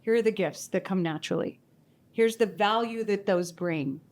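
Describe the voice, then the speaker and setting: A woman speaking on a live panel at a community event, animated and self-mocking, often acting out her own inner voice. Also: medium pitch, moderate pace.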